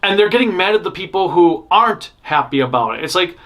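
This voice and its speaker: A man's voice: high-pitched, lively intonation, quick pace, fairly bright tone. Rambling man giving blunt news takes. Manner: rambling, self-interrupting, blunt opinions. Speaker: news show host. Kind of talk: casual opinionated news commentary.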